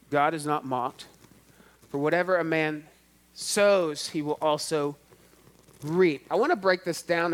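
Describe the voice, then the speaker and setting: A man's voice: sits high, a bit bright. A man preaching a sermon in a church, stretching out key words and swelling with emphasis. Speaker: pastor.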